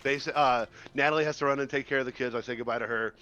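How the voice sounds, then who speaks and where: A man's voice: medium pitch, fairly even intonation, racing, pushed and bright, highs cut off. A man streaming live, telling a long story in casual chat, laughing and acting out what people said. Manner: laid-back storyteller, laughs and acts out quotes.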